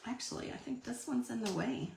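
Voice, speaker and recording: A woman's voice: a little high, animated, brisk, vocal fry, darkish tone, slight background noise. A woman, chatting through a live card-making demonstration and answering viewer comments. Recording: echoey room.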